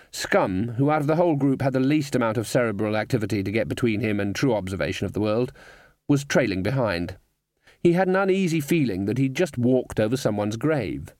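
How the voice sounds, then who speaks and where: A man narrating a comic fantasy audiobook in a wry, even delivery. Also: mid-range voice, brisk, no echo, clean studio sound. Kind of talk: storybook narration.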